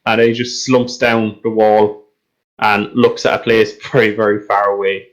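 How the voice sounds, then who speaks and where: A man's voice: on the low side, little pitch movement, moderate pace, lo-fi sound. A man narrating as game master in a rambling, hesitant way with many fillers.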